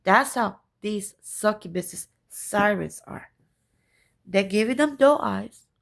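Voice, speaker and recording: A woman's voice: mid-range voice, slow, creaky. A woman ranting to camera, profane and emphatic, repeating her points and asking "right?" again and again. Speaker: spiritual vlogger.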